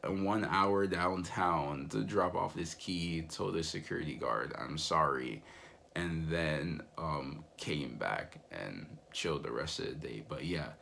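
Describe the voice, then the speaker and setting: Young male vlogger, very low creaky voice, relaxed rambling storyteller, faint room ambience. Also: slow pace, slight background noise. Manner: relaxed, rambling with many fillers. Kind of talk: casual storytelling vlog.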